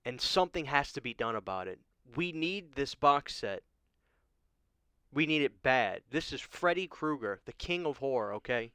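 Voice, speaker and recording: A man's voice: mid-range voice, expressive, normal speed, sharp tone, clean tone, dry recording. A man hosting a horror vlog, giving an emotional, pleading rant and often asking "okay?". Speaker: horror channel host. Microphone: studio microphone.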